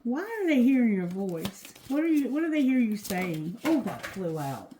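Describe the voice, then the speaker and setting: A woman giving a casual tarot reading to her viewers, talking loosely and cursing, going quieter when she asks the cards. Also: a little high, big pitch swings, normal speed, slight background noise, low-quality recording. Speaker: tarot reader.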